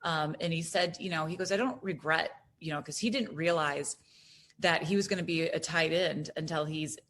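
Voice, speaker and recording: A woman from Florida, a guest on a sports podcast, talking in an animated way with lots of fillers and restarts. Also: deep voice, moderate pace, a little hiss or hum. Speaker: guest broadcaster. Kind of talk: casual podcast chat.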